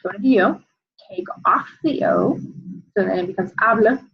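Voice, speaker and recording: A young adult woman, a Spanish teacher, walking students through an exam review and filling pauses with frequent "um"s. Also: medium pitch, creaky, husky, lo-fi sound. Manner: explanatory, many "um" fillers.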